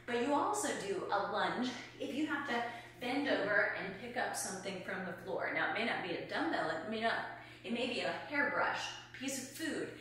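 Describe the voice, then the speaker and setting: A woman in her fifties talks a viewer through strength exercises while she demonstrates them, her tone bright and forceful. She is picked up by a camera set back from her, and a strongly echoing room rings around her voice. A faint hum sits underneath. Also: on the high side, animated, moderate pace. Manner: demonstrating exercises while talking, a little out of breath. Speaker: fitness coach. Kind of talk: instructional exercise video. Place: room at home. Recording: echoey room from far off.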